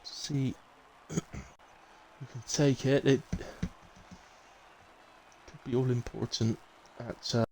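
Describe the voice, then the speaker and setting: A man's voice: medium pitch, steady tone, takes it slowly, pauses often, darkish tone, low-quality recording. Bristol guy doing laid back race commentary, chatty, wanders off into asides, faint noise behind him. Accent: Bristolian English. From Bristol, England. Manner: chatty, rambling, fills gaps with asides. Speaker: sim racing league commentator. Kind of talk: live casual race commentary.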